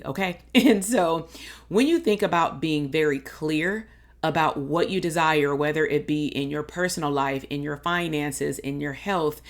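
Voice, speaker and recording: A woman in her thirties hosting a podcast, giving upbeat, encouraging advice in a casual, slangy way. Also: deep voice. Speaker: podcast host and business coach. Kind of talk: motivational podcast monologue.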